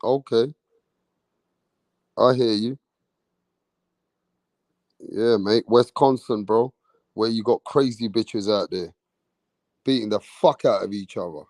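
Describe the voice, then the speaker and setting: On the low side and slow, with long pauses and no echo, this young livestream host's voice delivers brash, slangy chatter laced with swearing. He reads viewer comments aloud and breaks into loud hype bursts.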